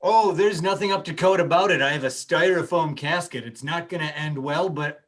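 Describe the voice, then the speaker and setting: A man playing a deadpan grave digger. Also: fairly high pitch, moderate pace, lightly acted. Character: deadpan broke man digging own grave. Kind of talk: improv comedy scene.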